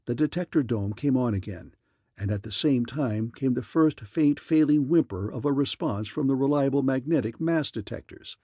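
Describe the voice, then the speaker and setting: Brief: male narrator reading classic sci-fi, husky and dry, close to the mic. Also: mid-range voice, normal speed, no room sound. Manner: steady storytelling. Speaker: audiobook narrator. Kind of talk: scripted narration.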